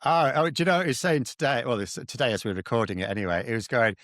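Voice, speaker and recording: A man's voice: medium pitch, quick pace, few pauses, a bit bright, no echo, clean studio sound. A British man giving casual political analysis, talking bluntly and animatedly with slangy asides. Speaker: political commentator.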